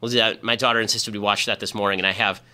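A man hosting his own political podcast, delivering a fast, combative monologue with mocking jabs. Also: fairly low pitch, little pitch movement, sharp tone. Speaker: podcast host. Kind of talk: opinion commentary monologue.

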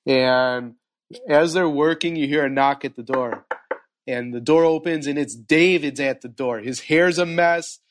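A man hosting a podcast interview, telling stories in a chatty, animated way. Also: a little high, measured pace. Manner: animated storyteller, frequent fillers. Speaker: podcast host. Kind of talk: casual interview chat.

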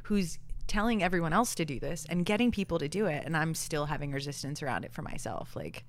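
Low-voiced woman, lively and laughing. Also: fast. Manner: animated, laughing, voice jumps up when quoting herself. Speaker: photographer guest. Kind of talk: casual podcast conversation.

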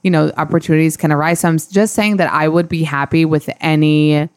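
A woman hosts a casual podcast chat, her voice low and resonant. She rambles candidly through fillers and restarts. The sound is close and dry, with no room around it. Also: steady tone, brisk, smooth, no room sound. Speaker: podcast host.

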